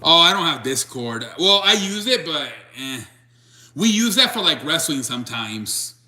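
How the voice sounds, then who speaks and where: A young man hosting a sports stream, talking loosely to his chat with lots of restarts. His voice sits a bit high and sounds bright and forceful. He keeps it casual and unscripted. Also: big pitch swings, unhurried. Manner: rambling, restarts, reads chat aloud. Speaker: sports show host.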